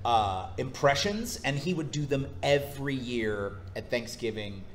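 A man's voice: medium pitch, unhurried, a little hiss or hum. A man, a voice actor, telling stories at a convention panel and slipping into impressions. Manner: animated storyteller, slips into impressions. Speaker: voice actor guest.

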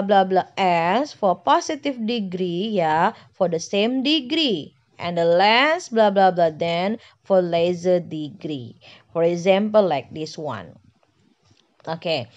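Woman, Indonesian accent, unhurried teacher, repeats points and checks in often, dull lo-fi recording. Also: medium pitch. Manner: patient, repetitive explaining with frequent "okay" and "yeah" checks. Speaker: English teacher. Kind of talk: classroom grammar lesson.

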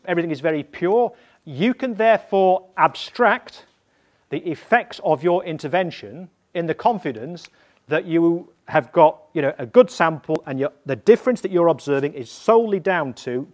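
A man, an evaluation expert, explaining methods to practitioners in a deliberate, emphatic way, often checking in with his listeners. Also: on the high side. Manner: emphatic, repeats points and checks in with "yeah?".

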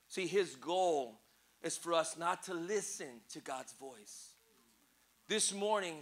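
A man preaching an impassioned sermon to a church congregation. He swings from hushed lines to shouting, repeating himself with emotion. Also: on the high side, expressive, slow pace. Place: church service before a congregation.

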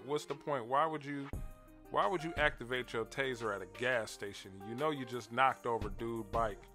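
A man with hosts a relaxed commentary video, chuckling and circling back over his words as he talks to his viewers. His voice sits in a middle pitch. Faint music plays behind him. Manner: laid-back, laughing, repeats words, addresses viewers directly. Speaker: commentary channel host.

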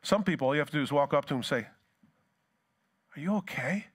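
A male pastor preaching a sermon, reading scripture dramatically and talking to the congregation in casual asides. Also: racing. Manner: dramatic scripture reading, rising loud then dropping low.

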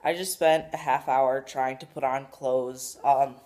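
A young vlogger chatting casually on camera in a daily vlog, rambling and filling every pause with "like" and "literally". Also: medium pitch, steady tone, darkish tone. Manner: rambling, filler-heavy, says "like" and "literally" a lot.

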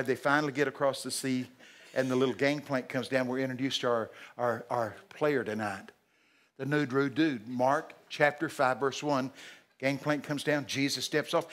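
Bright, forceful preacher man. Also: medium pitch, moderate pace. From Texas. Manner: animated, jokey, bursts into shouted acted-out lines. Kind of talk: sermon. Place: church service.

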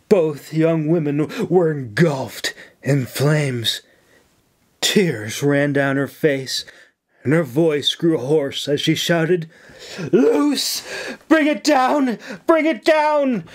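A man narrating his own fantasy novel in a slow, dramatic reading. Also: fairly high pitch. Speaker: author and audiobook narrator. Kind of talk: scripted audiobook narration. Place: home sound closet lined with blankets.

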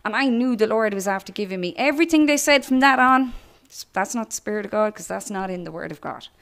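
A woman's voice: medium pitch, expressive, fast talker, fairly bright tone. A woman with an Irish accent giving her church testimony, telling her story with laughter and acting out the voices of others.

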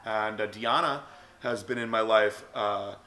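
A man's voice: lowish voice, measured pace, bright, forceful tone. A man hosting a vlog, telling a story casually and rambling with many fillers. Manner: rambling, lots of likes and ums. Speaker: vlog host. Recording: echoey room with long reverb.

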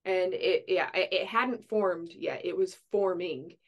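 A woman hosting a casual podcast, with a lower voice than most women. She rambles through her thoughts and leans on "like" and "um" as she goes. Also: a little slow, lo-fi sound. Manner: chatty, rambling, many likes. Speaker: podcast host. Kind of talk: casual chat.

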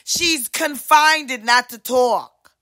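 A woman hosting a podcast, delivering a profane, brash monologue rant and slipping in quick impressions of other people. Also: sits high. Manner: profane, brash, swings loud and soft, voices other people mid-rant. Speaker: podcast host.

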